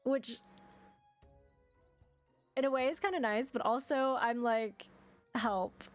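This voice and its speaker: A woman's voice: sits high, takes it slowly, faint music behind. A young woman streaming a game, chatting casually and exasperated, with frequent swearing and laughter.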